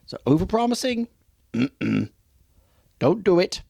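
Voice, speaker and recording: A man's voice: high-pitched, very animated, a little slow, creaky, mellow, no room sound, clean studio sound. A man giving an unscripted customer service training talk, with emphatic, repeated warnings and acted-out customer dialogue. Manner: acts out customer dialogue in quotes.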